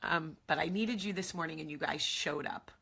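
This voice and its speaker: In a low voice with vocal fry, a sharp tone, and slight roughness, a woman in her forties speaks at a normal speed on her confessional vlog. The talk is emotional and candid; she cries, repeats herself, and whispers certain asides.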